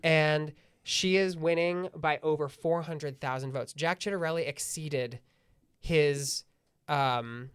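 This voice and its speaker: Smooth-voiced man talking politics. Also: fairly high pitch, steady tone, slow, a bit bright, no echo. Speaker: podcast co-host. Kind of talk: casual political chat.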